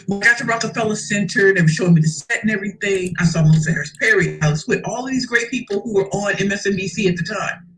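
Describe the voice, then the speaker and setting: A woman's voice: mid-range voice, fast talker, rough recording. A woman telling her success story as a motivational speaker, emphatic and preacherly, repeating key phrases and calling the audience y'all. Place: live event stage.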